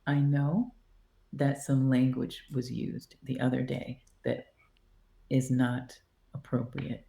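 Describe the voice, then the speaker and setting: A woman's voice: very deep voice, takes it slowly, vocal fry, slight background noise. A woman guest on a podcast, casually telling a story and acting out the dialogue. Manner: animated, acts out quoted dialogue. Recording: roomy echo.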